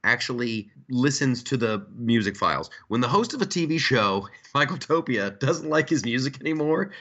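Bright-voiced joking male podcast host. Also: medium pitch, normal speed, lo-fi sound. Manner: joking, ranting, animated asides. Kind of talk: casual political chat.

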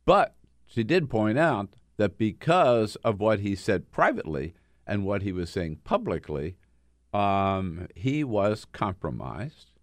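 Male talk radio host, lowish pitch, very animated delivery, dry studio sound. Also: takes it slowly, no room sound. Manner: emphatic, indignant storytelling. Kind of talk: political talk radio commentary.

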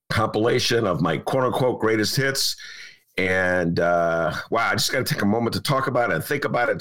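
Older male podcast host, animated pitch, rambling and emphatic chat. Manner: rambling, emphatic, repeats himself. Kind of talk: casual chat.

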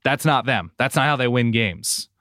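Man, chatty sports analyst, expressive pitch, dry recording. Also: moderate pace, no room sound. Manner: chatty analyst, self-correcting. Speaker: podcast co-host. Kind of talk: casual sports talk.

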